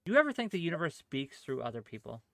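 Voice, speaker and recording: A man's voice: a little high, very animated, fast, gravelly, fairly bright tone, no room sound, clean studio sound. A man hosting a stream, asking probing, leading questions in a casual conversation.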